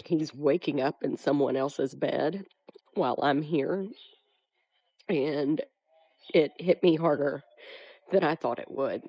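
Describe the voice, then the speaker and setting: A woman's voice: sits low, takes it slowly, long pauses, mellow, no echo, low-quality recording. A woman confiding to camera in a reflective, subdued way. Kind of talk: quiet personal confession to camera.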